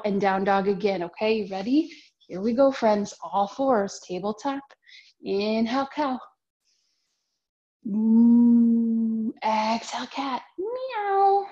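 A young woman leads a children's yoga class, with a fairly high voice and a slow, unhurried pace. She talks in a gentle, sing-song way, cheering the kids on through each pose. The sound is dull and lo-fi, like a home camera recording. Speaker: kids' yoga teacher. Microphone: camera mic.

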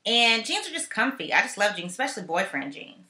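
A woman's voice: mid-range voice, sing-song, brisk, sharp tone. Chatty woman vlogger, echoey room. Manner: chatty and playful, with slang asides. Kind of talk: casual chat. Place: home in California.

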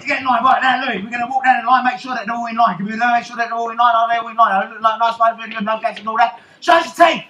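Man playing a showy rum-loving pirate captain for a kids' stage show, very high and bright, roomy theatre hall. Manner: theatrical, teasing, calls out to the crowd. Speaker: stage actor. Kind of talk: live children's stage show with audience banter.

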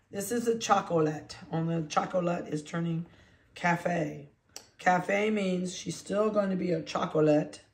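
Handling a litter of puppies, a chatty breeder talks freely and drifts into cooing baby talk at times. The voice is mid-pitched, and the recording carries a roomy echo suggesting an indoor kennel.

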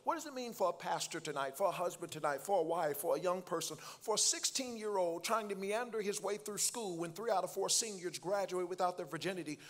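A man preaching a sermon, calling for responses from the congregation and rising to shouts. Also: high-pitched. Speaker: pastor. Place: church.

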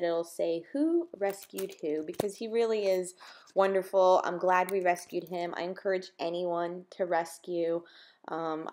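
A woman's voice: on the low side, slight background noise. A young woman from South Florida, chatting casually through a scrapbooking voice-over, full of ums and fillers. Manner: chatty, filler-heavy, warm about her dogs. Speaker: scrapbooking vlogger.

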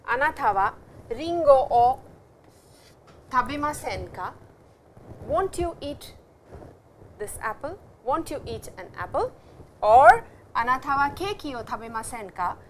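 A woman language teacher giving a lecture, explaining grammar and repeating example sentences slowly. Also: sits high, a little hiss or hum. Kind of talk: classroom lecture.

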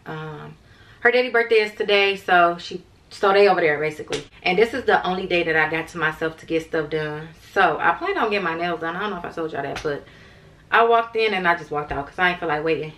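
A fast-talking young vlogger with a fairly low, slightly bright voice chats casually with her viewers, always calling them "y'all." She records on a handheld camera mic, first in her car and later at home. A little hiss or hum can be heard.

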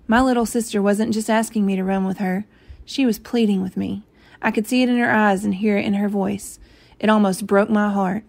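A woman's voice: mid-range voice, fairly even intonation, a little fast, vocal fry, darkish tone. Woman reading a novel aloud. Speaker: reader.

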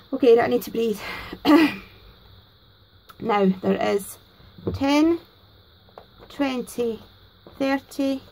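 A Scottish woman hosting a crafting vlog, gushing excitedly and a bit nervously over gifts. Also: sits high, vocal fry, a little hiss or hum, poor audio. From Scotland. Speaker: crafting channel host. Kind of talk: casual unboxing vlog.

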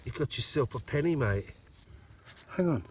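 A man's voice: medium pitch, lively intonation, moderate pace, darkish tone, a little hiss or hum. An Australian man hosting a metal detecting outing outdoors, chatty and joking, filmed on a phone. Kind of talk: casual chat. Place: dry field outdoors. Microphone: phone camera.

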